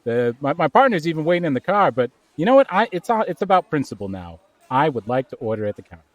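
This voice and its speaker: Guy playing a dopey cop, rambly and stammery, voice jumps way up, kinda high, dry sound. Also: big pitch swings, quick pace, dry recording, highs cut off. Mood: flustered. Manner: rambling, stammering, jumping up in pitch. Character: bumbling lazy male police officer. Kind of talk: improv comedy.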